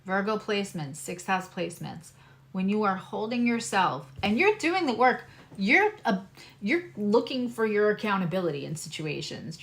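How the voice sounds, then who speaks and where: A woman astrologer giving a casual, earnest tarot reading, speaking straight to her viewers in a reassuring way. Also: mid-range voice.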